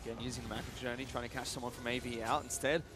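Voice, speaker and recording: A young man calling esports action, building excitement as plays unfold. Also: medium pitch, racing, background noise. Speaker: esports caster. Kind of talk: esports play-by-play commentary.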